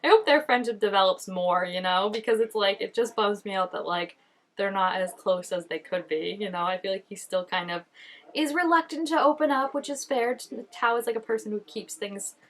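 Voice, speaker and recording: A woman hosting a casual reaction video, chatty and animated, with lots of filler words and quick laughs. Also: medium pitch. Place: indoors at home, changing daylight.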